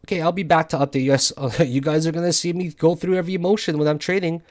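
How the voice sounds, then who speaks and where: A man's voice: fairly high pitch, fairly even intonation, fast talker, darkish tone. Tired, swearing man narrating his trades. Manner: frustrated, swearing often, thinking aloud. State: tired from no sleep. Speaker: crypto day trader. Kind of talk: live trading commentary over charts.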